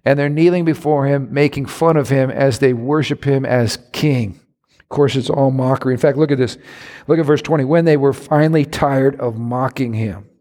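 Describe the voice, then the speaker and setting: A man preaching a sermon to a congregation, with dramatic rises and drops in his delivery. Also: darkish tone. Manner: dramatic, rising to high voices for quoted mockers. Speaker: pastor. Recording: reverberant hall.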